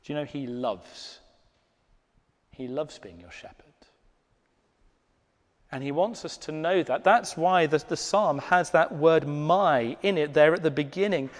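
A man delivers a sermon in a slow, unhurried cadence, his voice sitting a little high for a man. He leans into quiet, almost whispered emphases. The sound carries a long church-hall reverb. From Britain. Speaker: pastor.

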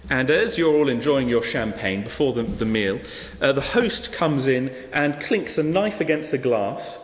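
In an echoey hall, a preacher with a mid-range voice speaks at a measured pace. His sermon centers on a parable, and he plays each character, animatedly acting out the guests' lines as he tells it.

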